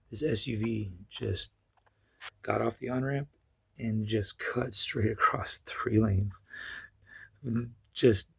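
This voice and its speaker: A man with a gravelly, husky voice, telling a personal story in a rambling way with many fillers and restarts. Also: medium pitch, darkish tone, no echo. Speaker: vlogger. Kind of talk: casual storytelling.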